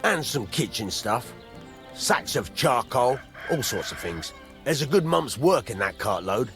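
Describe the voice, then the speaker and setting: An actor playing a gruff middle-aged blacksmith who grumbles and curses, in a video game. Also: male voice, medium pitch, sing-song, unhurried, a bit bright, faint music behind. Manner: gruff, cursing.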